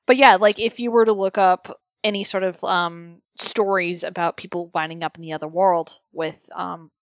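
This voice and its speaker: A woman co-hosting a podcast in relaxed casual chat, laughing often. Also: lowish voice, moderate pace, dry recording. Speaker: podcast co-host.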